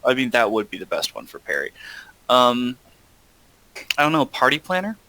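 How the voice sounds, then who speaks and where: A man's voice: mid-range voice, huge pitch swings, pushed and bright, a little hiss or hum, low-quality recording. A man taking part as a player in a tabletop game, talking casually and hesitantly. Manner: slow, hesitant.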